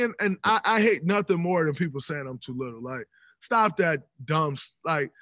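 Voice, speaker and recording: A man in his thirties, a podcast guest telling stories in an animated, emphatic way. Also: fairly high pitch, moderate pace, dry recording. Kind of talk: casual podcast conversation. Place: podcast studio.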